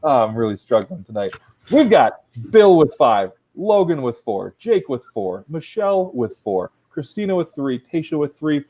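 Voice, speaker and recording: A man hosts and judges an online improv competition from home on his laptop, chatting loosely and rambling while teasing the players with mock-strict rulings. His voice sits on the high side with big pitch swings, mellow and at normal speed. The audio quality is poor.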